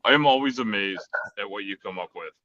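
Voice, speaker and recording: A man with a low, bright-edged voice speaks haltingly and corrects himself mid-sentence. His voice comes through a dull, dry, lo-fi mic with no room sound. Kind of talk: casual stream chat.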